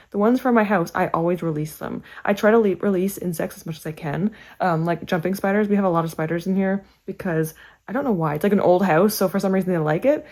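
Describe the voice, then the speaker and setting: A chatty woman talking casually to her viewers about books. She fills her speech with "like" and swings her pitch up and down as she reacts. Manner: chatty, many "like" fillers, animated pitch swings. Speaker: book vlogger. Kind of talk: casual chat to camera.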